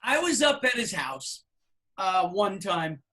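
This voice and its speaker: A man in his fifties, a podcast co-host, telling anecdotes in a casual, animated way with plenty of fillers. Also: high voice, slow pace. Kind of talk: casual storytelling chat.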